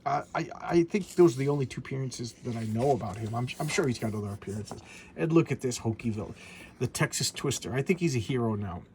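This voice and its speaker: A man's voice: mid-range voice, lively intonation, fast, a little mellow, slight background noise. Rambling man chatting about comic books. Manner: rambling, stammers and repeats words. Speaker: comic book collector vlogger. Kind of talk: casual chat.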